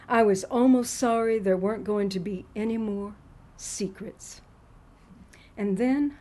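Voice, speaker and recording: Southern-accented evangelical snake charmer woman, read aloud by a poet, slow and defiant, mid-pitched; dramatic poetry reading. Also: a little mellow.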